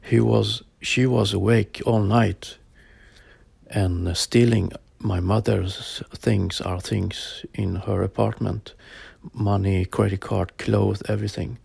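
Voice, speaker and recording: A man in his forties telling a personal story in a halting way, with plain phrasing and many pauses and fillers. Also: fairly low pitch, fairly even intonation, vocal fry, a little mellow, husky, no echo. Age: 40s. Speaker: storyteller sharing a personal experience. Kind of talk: personal spoken account.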